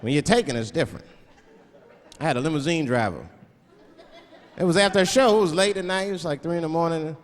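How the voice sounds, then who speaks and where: Animated male comic in a big hall. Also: fairly high pitch, fast talker, pauses often. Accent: Washington DC. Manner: animated, switching into put-on voices for bits. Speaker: stand-up comedian. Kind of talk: stand-up comedy set. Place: large theater with live audience. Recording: live theater recording with audience noise.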